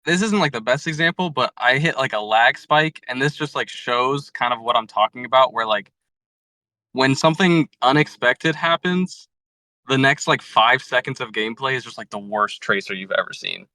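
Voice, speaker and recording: A man's voice: medium pitch, expressive, moderate pace, sharp tone, no echo, rough recording. A man being coached, talking casually and hesitantly, filling his speech with "like". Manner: hesitant, lots of "like". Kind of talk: casual chat.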